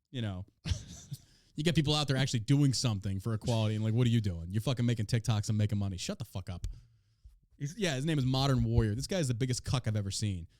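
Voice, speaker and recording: A man's voice: mid-range voice, darkish tone, dry recording, studio quality. A man hosting a podcast in casual chat, brash, profane and mocking as he reacts to the news and to his chat. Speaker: podcast host.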